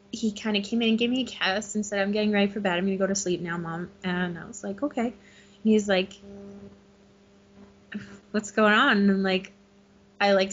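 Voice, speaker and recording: A middle-aged woman telling an excited story in a casual interview, laughing often. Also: mid-range voice. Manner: animated, laughing, gushing. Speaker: guest. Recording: muffled lo-fi recording.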